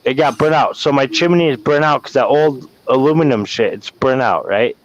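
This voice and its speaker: A man's voice: mid-range voice, normal speed. A man from Wyoming, rambling and swearing as he vents emotionally in a casual chat. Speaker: guest caller venting. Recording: dull lo-fi sound.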